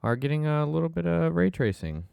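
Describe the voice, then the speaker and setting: Deep gravelly male co-host, lively inflection, dry banter. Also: brisk, no echo. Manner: dry banter, leads news topics. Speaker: livestream co-host. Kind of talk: casual tech chat.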